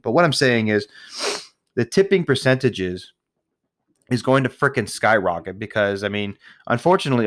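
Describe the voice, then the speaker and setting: Profane, exasperated podcast man ranting. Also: fairly low pitch. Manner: profane, exasperated, rambling with restarts. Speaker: podcast host. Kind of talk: casual ranting monologue.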